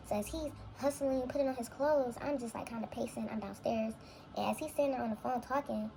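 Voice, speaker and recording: Gravelly young woman telling a story. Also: a little high, dark tone, a little hiss or hum, rough recording. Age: young adult. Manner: rambling, reflective, heavy with fillers. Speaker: vlogger. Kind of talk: casual storytime monologue.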